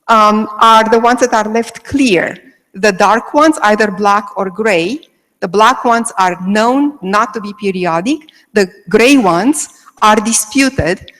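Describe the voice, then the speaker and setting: A woman's voice: medium pitch, takes it slowly, fairly bright tone, in a large hall, rough recording. A woman giving an academic lecture, explaining step by step and checking in with frequent "okay"s. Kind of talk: academic lecture on Greek meter. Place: lecture delivered to a remote audience.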